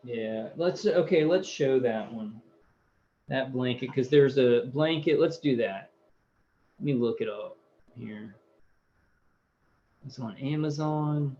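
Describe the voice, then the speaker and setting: A man hosting a casual livestream, reading viewer comments aloud between loose, hesitant asides. He talks at an ordinary middle pitch with frequent ums and restarts. The audio is muffled and lo-fi, with a faint hiss underneath. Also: slow, long pauses, dark tone. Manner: rambling, hesitant, many fillers.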